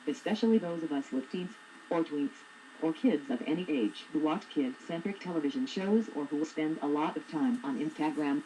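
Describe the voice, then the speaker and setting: A woman's voice: sits low, normal speed, warm tone, slight background noise, rough recording. A woman in her forties, a blogger reading her own humorous essay aloud with a wry, sarcastic manner. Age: 40s.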